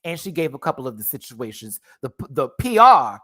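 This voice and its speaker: A man's voice: medium pitch, big pitch swings, fairly quick, sharp tone. A man casually reviewing a drag show on a livestream, sassy and slangy, laughing often and playfully exaggerating.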